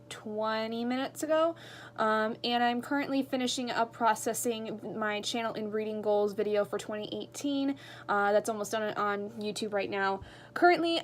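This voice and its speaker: Young female book vlogger, tired and yawning, loose filler-heavy chat at home, slightly high voice. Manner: rambling, filler-heavy, drowsy. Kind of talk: casual late-night vlog chat. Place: at home at night.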